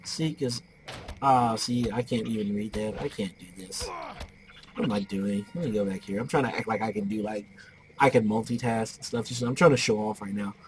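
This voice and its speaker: A man's voice: lowish voice, moderate pace, a little hiss or hum, rough recording. A man giving casual gameplay commentary, rambling off into joking stories as he plays.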